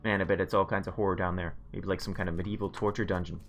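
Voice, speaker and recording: Low-voiced man reading game text aloud. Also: fairly even intonation, racing, a bit bright, muffled recording, faint music behind. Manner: playful, reads game narration with relish. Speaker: let's play streamer.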